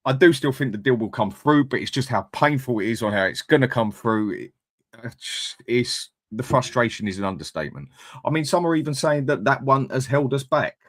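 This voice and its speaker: On his casual live fan-channel stream, a man reads viewer comments aloud and speaks bluntly. His medium-pitched, expressive voice moves fairly quickly, recorded cleanly in a studio with no echo.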